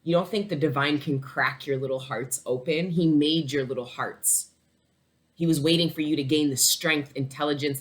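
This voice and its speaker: A woman with a low, fairly bright voice gives her viewers a casual tarot reading. She rambles emotionally, swears freely, and laughs between thoughts.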